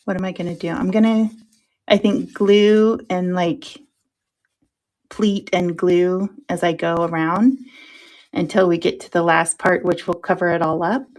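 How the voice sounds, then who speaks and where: A woman hosting a crafting show, chatting to herself as she works, self-mocking and quick to laugh, sometimes dropping into soft whispers while she concentrates. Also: lowish voice, fairly even intonation. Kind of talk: casual crafting chat.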